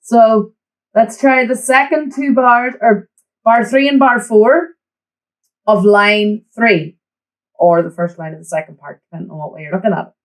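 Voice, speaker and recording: Encouraging flute teacher. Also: female voice, on the high side, normal speed, poor audio. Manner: encouraging, counts in the student. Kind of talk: online music lesson.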